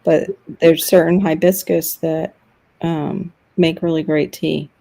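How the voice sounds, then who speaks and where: Chatty low-voiced woman host. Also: little pitch movement, slow pace, gravelly, mellow. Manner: chatty, laughs often. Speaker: talk show host. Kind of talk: casual chat.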